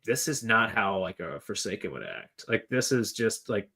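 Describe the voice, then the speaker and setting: A man's voice: lowish voice, lively intonation, moderate pace, bright, forceful tone, breathy edge. A man co-hosting a podcast, chatting casually about a book in a rambling way, full of fillers and jokes. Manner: rambling, filler-heavy, joking. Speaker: podcast co-host.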